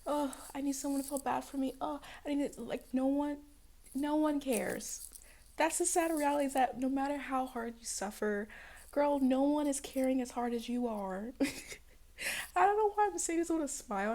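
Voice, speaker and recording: A young woman with a fairly high voice gives her viewers a self-help pep talk, sassy and blunt, cursing freely and laughing as she goes. Her voice keeps jumping up when she mimics other people. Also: warm tone. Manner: acts out other people's voices in jumps of pitch. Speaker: spiritual self-help vlogger. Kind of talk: casual direct-to-camera pep talk.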